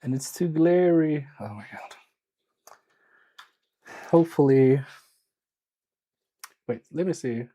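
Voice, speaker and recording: A man live-streams a repair session from his home workbench, speaking in an unhurried, relaxed drawl. His voice is mellow, warm and a little high, and he's chatty with viewers, joking, teasing his chat and often mocking himself.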